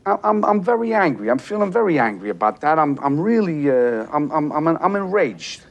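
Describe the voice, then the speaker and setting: An actor playing a volatile, hot-tempered middle-aged mob boss in film dialogue, halting and then bursting into sworn threats. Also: male voice, fairly high pitch, big pitch swings, dull audio. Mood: enraged.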